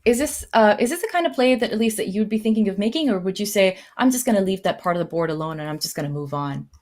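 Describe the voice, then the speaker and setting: A woman giving live commentary on a board game, thinking aloud with many fillers and lively jumps in her voice. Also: medium pitch, fast talker. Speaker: tournament commentator.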